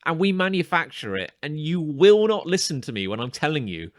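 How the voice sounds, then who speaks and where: A man's voice: a little high, sing-song, fairly quick, no room sound, studio quality. A man co-hosting a casual podcast chat, telling a story animatedly, acting out the quoted exchanges and stumbling over restarts as he builds it up. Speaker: podcast co-host.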